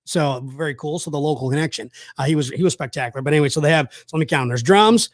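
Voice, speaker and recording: Here the same kind of host from South Georgia, USA, talks very fast in a somewhat high voice, rambling enthusiastically through stories laden with fillers in a casual chat. Sound is studio quality with no echo.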